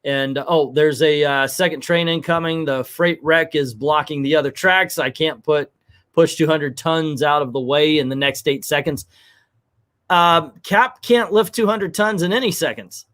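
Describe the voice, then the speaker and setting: A man with a slightly high voice gives live comic book commentary. He rambles and gets animated, and his asides turn into rants. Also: a little slow.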